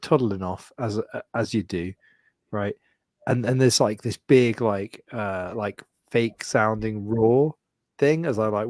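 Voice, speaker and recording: A man co-hosting a podcast, telling a lively story in casual chat, full of swearing and mimicked voices. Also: lowish voice, no room sound, studio quality. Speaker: podcast co-host.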